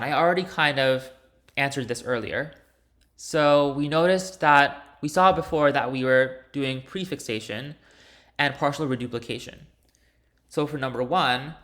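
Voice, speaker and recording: A man's voice: mid-range voice, a bit bright. A man teaching linguistics, walking through a homework solution step by step in a recorded lecture, with some fillers and restarts. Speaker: linguistics instructor.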